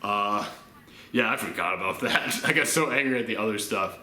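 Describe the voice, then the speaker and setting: A man's voice: fairly low pitch, normal speed, pushed and bright. A man ranting in a casual chat about a film, exasperated and swearing freely. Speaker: movie reviewer. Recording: roomy echo.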